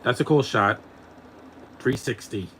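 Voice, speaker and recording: A man talking casually over a film as he watches it, teasing what he sees and breaking into chuckles. His voice sits at an ordinary middle pitch, with a faint hiss behind it. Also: a little slow, a bit bright, low-quality recording. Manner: mocking, chuckles often. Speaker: film commentator. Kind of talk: casual live movie commentary.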